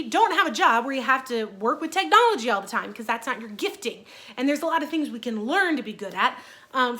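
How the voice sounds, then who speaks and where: A woman's voice: sits high, bright, forceful tone. A woman in her thirties talking in a casual personal vlog, chatty and earnest with many fillers. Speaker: vlogger.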